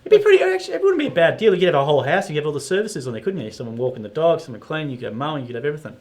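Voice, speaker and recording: A man's voice: fairly high pitch, sing-song, racing. An Australian man hosting a casual live Q&A, reading out viewer questions in an upbeat, chatty way and laughing easily.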